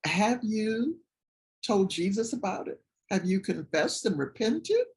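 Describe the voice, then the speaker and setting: A speaker voicing an elderly church grandmother who talks with deep sighs and dry bluntness. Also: sing-song, slow. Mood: probing. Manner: deep-sighing, dry and matter-of-fact.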